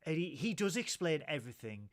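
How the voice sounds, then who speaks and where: Higher-voiced man, animated movie chat. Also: fairly quick. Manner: animated, retells scenes in quoted voices. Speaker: podcast host. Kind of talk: casual film review chat.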